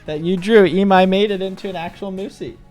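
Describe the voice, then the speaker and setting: A man's voice: high voice, steady tone, a little fast, darkish tone, soft background music. A man hosting a casual livestream, upbeat and encouraging as he chats with a guest and his young son. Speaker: stream host and father.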